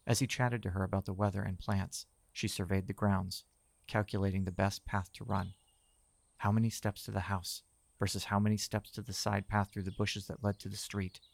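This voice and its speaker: A man reading scripted horror narration in a measured, tense storytelling manner. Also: lowish voice, creaky, a little mellow, no room sound.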